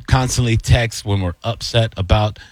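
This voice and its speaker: A man hosting a sports radio show, talking in an animated, excitable way and calling people "dude" and "buddy". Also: fairly low pitch, moderate pace, dry recording. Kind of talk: casual sports radio chat.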